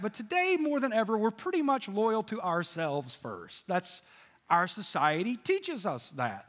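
High-voiced man preaching a sermon. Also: a bit bright, in a large hall. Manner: folksy storytelling with jokes and acted-out voices. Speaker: pastor. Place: church sanctuary with congregation.

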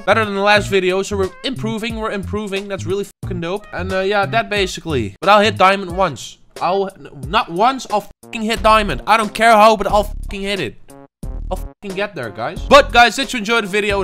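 A young man, a gaming channel host, commenting on his own gameplay, frustrated and swearing, swinging from low muttering to sudden shouts.

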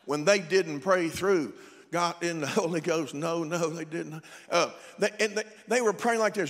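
A male pastor preaching a sermon, animated and comic, rising to shouts at his peaks. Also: fairly high pitch, measured pace. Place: church sanctuary. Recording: long reverb in a church.

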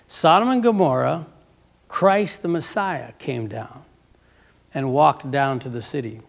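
A man with a slightly high, gravelly voice delivers a sermon, reading passages from a book aloud and adding commentary. He pauses now and then to put fervent rhetorical questions to his listeners.

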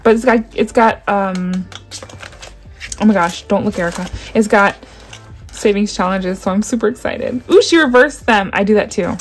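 A young woman vlogger chatting excitedly through an unboxing. She gasps often and keeps saying how much she loves each item. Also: medium pitch, moderate pace, soft background music. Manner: gushing, gasping, repeats "oh my gosh".

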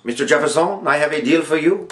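A man's voice: a little high, quick pace, a bit bright, a little hiss or hum, natural voice. Man doing a scheming foreign emperor, vague put-on foreign accent, wheedling salesman, echoey room.

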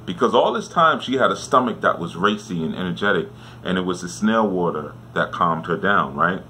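Male teacher, deep and forceful, relaxed storyteller who keeps checking in with listeners; faint noise behind. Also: fairly quick. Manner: conversational, often checks in with "right?". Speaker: spiritual teacher. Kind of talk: casual storytelling lesson.

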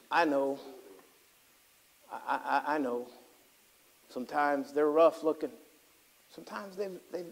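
Pastor guy preaching, fairly high voice, gets loud and fired up then drops real quiet, does little voices for people. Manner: swings from loud fervent preaching to hushed tender asides; acts out voices of people he describes. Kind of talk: sermon.

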